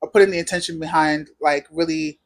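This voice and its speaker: A young woman chatting as a podcast guest in a loose, casual way. She strings her thoughts together with plenty of "like" fillers and meandering sentences. Her tone is relaxed and conversational. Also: sits low, a little fast. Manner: rambling, heavy use of "like" fillers. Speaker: podcast guest, knitwear designer. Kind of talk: casual interview chat.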